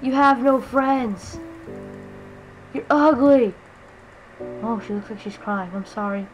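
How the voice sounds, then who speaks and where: A woman's voice: mid-range voice, normal speed, muffled recording, faint music behind. A young woman giving goofy, teasing commentary over her own gameplay, mocking strangers and then taking it back. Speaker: gaming YouTuber.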